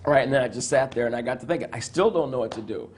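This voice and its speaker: A middle-aged man recounts a personal story in a medium-pitched voice. He talks with plenty of restarts and acts out the lines he quotes. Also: racing, slight background noise. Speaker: psychiatrist guest. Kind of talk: storytelling in an interview.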